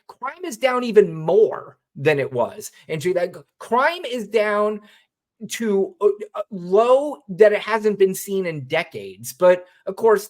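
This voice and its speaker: A man co-hosting a political podcast, talking bluntly and sarcastically with frequent profanity. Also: a little high. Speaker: podcast co-host. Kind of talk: political commentary chat.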